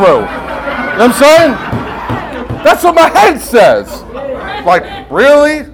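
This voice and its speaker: A man's voice: extremely high pitch, slow, pauses often, some chatter behind, rough recording. A man giving a personal share at a recovery meeting, streetwise and profane, telling his story with lots of "right?" and acting out the voices in his head. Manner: animated storytelling that acts out inner voices. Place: meeting room with listeners.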